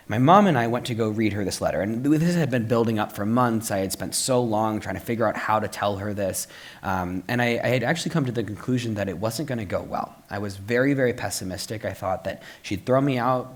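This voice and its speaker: A young man telling a personal story at a live book talk, lively with playful asides and frequent "um" fillers, turning soft and earnest at the close. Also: fairly low pitch, fast. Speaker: author and speaker. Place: stage at a live public talk.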